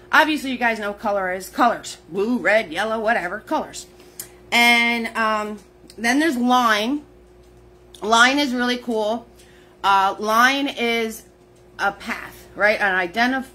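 Slow, chatty woman hosting a paint class. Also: medium pitch, pushed and bright, a little hiss or hum, low-quality recording. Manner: chatty, greets viewers by name, laughs often. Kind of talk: live-streamed painting lesson.

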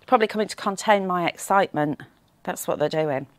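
A woman's voice: fairly low pitch, brisk, slight background noise. A woman hosting a live craft shopping show, chatting and reading out viewer comments in a cheerful, teasing way, with a slight frog in her throat.

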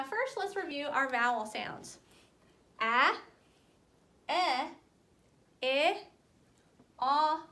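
A young adult woman teaching a phonics lesson to young children, sounding out letters slowly and clearly and gently encouraging them. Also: high voice.

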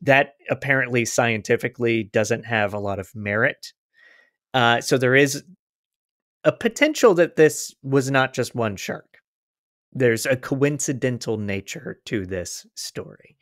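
Brief: male podcast co-host, casual and chatty, mid pitch, dry room. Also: animated, measured pace, a bit bright, dry recording. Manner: chatty, laughs easily, restarts. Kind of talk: casual chat, reading a quote aloud.

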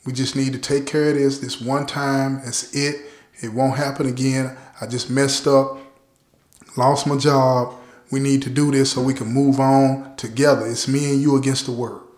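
A scheming father who speaks low and hushed, smoothing things over with a coaxing calm, as a storyteller puts him on. The voice rings in a roomy, echoey space. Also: normal speed, natural voice. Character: manipulative father coaxing his son. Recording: roomy echo.

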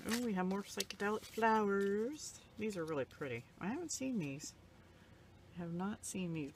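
Against a noisy background, an older woman with a fairly low voice presents craft supplies she got in the mail. As a crafting vlogger in casual show-and-tell mode, she rambles and gushes softly, occasionally so moved she's almost crying.

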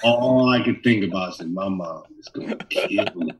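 A middle-aged man from Minnesota, a bassist telling stories in an interview with lively animation. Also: normal speed, far from the mic, slight background noise, low-quality recording. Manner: animated storyteller, acts out voices in quotes. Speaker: bassist guest. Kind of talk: storytelling interview.

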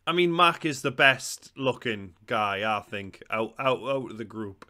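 A man with a Geordie accent, chatting excitably and swearing while reacting to a comedy show. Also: medium pitch, unhurried, slight background noise. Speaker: reaction video host. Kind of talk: casual reaction commentary.

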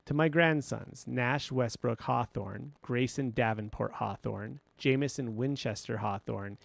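Formal lawyer reading a will, slow and exact, gravelly tone, voiced by a male narrator. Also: medium pitch, no room sound. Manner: slow, measured, deliberate reading.

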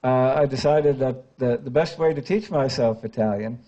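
An older man gives a public poetry reading in a grave, deliberate voice that often sinks almost to a whisper. His tone is warm and dark. The sound is muffled and lo-fi, like a modest event recording. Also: mid-range voice. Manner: measured, grave recitation that sinks to a hush; chatty and hesitant with many fillers when speaking off the page. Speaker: literary translator giving a public reading. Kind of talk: poetry reading and audience talk. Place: public lecture event before an audience.

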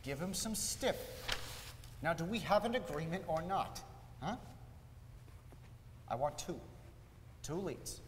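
Male actor as a pleading, bullying aging salesman; stammering, very lively pitch, long hall reverb. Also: takes it slowly, pauses often. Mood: haggling. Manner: wheedling, stammering, bursts of anger. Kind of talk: live stage acting. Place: theater stage. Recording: roomy hall, faint noise.

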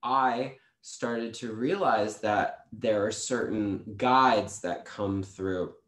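A man who is a guest on a podcast, telling stories about his spiritual practice in a lively way and acting out quotes. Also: on the low side, slow, reverberant. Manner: animated storytelling, acts out quotes. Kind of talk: casual spiritual chat.

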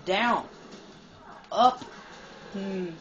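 A woman giving casual, excitable let's-play commentary while she plays, teasing and swearing. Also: mid-range voice, very slow, rough recording. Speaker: gamer playing and commenting. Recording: game music playing behind.

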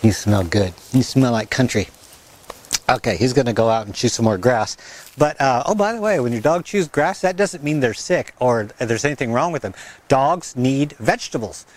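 A man's voice: mid-range voice, moderate pace. A man hosting a gardening vlog in a windy garden, rambling and chatty, laughing at himself. He talks into a wireless mic with a fuzzy windscreen. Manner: sing-song baby talk to his dog. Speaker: gardening channel host. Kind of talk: casual outdoor vlog.

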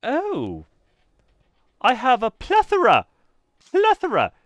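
A man putting on a chirpy female game shopkeeper, attempted British accent, sing-song high voice, swoops around a lot. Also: huge pitch swings, slow, fairly bright tone, dry recording, heavily acted. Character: chirpy female costume shopkeeper, eager seller.

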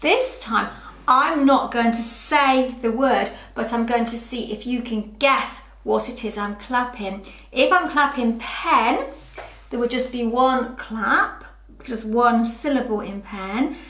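A woman teaching a lesson to young children, speaking slowly and clearly in an encouraging, sing-song way. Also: a little high, a bit bright, reverberant. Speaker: early years teacher.

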